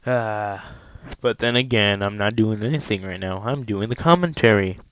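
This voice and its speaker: A man's voice: on the low side, normal speed. A young man giving casual let's play commentary over a headset, rambling and self-deprecating, with frequent ums.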